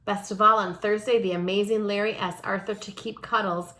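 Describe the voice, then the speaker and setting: A woman's voice: mid-range voice, fairly even intonation, fairly quick. A woman reading a children's picture book aloud, adding small lessons for young listeners. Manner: warm, lesson-minded aside to children. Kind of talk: children's story read-aloud.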